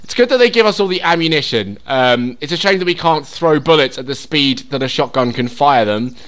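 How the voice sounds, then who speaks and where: Young guy doing a lets play, swears constantly, bright lively voice jumping all over. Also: on the high side, a little fast. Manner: swears a lot, talks to himself and the game; drops to a whisper while sneaking. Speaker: gaming YouTuber. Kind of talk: casual let's-play commentary.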